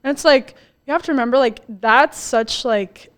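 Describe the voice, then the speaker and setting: A woman's voice: high-pitched, moderate pace, clear, resonant tone. Young woman telling a story, lots of "like"s. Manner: filler-heavy, storytelling, many "like"s. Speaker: podcast co-host. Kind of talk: casual podcast chat.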